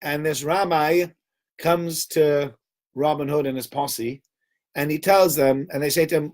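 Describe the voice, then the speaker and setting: A man's voice: on the high side, measured pace. A man giving an informal Torah talk to a group, acting out the dialogue in his stories. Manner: animated storyteller, acts out dialogue. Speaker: teacher.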